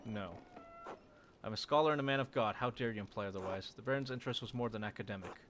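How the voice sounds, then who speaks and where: A man's voice: fairly low pitch, fast, a bit bright, a little hiss or hum, natural voice. A man reading aloud as a haughty, defensive male monk prior who answers in an indignant, clipped way. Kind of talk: reading game dialogue aloud.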